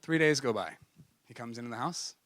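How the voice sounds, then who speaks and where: A man giving a church talk, telling a personal story in a lively way and acting out the conversations. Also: medium pitch, fairly quick, no echo. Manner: animated, acts out conversations, frequent "like". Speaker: speaker at a church gathering.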